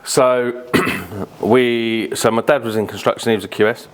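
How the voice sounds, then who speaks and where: A man's voice: medium pitch, steady tone, a little slow. A British man from Birmingham, a podcast guest telling rambling stories with lots of fillers and casual swearing. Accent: British English. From Birmingham, England. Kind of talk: casual interview storytelling.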